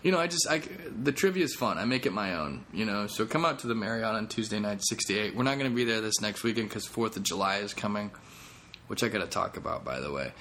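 A man's voice: lowish voice, lively intonation, quick pace, fairly bright tone, slight background noise. A comedian hosting his own podcast, talking in a rambling, jokey, self-deprecating way. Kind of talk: casual podcast monologue.

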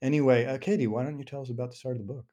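A man's voice: mid-range voice, fairly even intonation, racing, warm tone, dull audio. A man co-hosting a book podcast, playfully mock-defiant, with hesitant restarts. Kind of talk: casual book-club chat.

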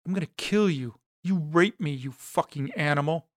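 A man's voice: a little high, normal speed, no echo, studio quality, close to an everyday voice. A man reading the lines of a tough, blunt adventurous woman.

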